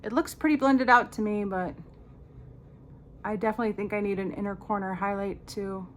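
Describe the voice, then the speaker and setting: A woman's voice: medium pitch, fairly even intonation, fairly quick, a little hiss or hum. A woman in her fifties chatting casually while doing her makeup, rambling through stories with dry, sarcastic asides. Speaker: makeup vlogger. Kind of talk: casual get-ready-with-me chat.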